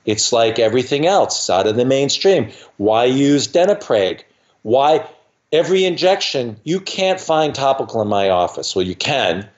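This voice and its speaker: A man in his sixties, a dentist guest on a podcast, telling anecdotes in a lively way and acting out other people's voices in quick asides. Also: mid-range voice, highs cut off. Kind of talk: animated anecdotal storytelling.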